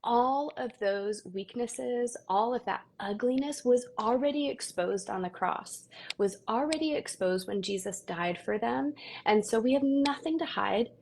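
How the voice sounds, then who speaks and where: A young woman speaks earnestly about parenting over a video call, with a gravelly edge to her voice. A faint noise sits behind her. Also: fairly high pitch, a little slow, few pauses. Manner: earnest, animated storytelling with quoted asides. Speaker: guest, parenting content creator. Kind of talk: casual live video chat.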